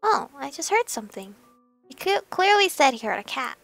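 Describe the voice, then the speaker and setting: A woman's voice: high voice, sing-song, normal speed, creaky, a bit bright, soft background music. A woman streamer reading a story game aloud and adding giggly, chatty asides.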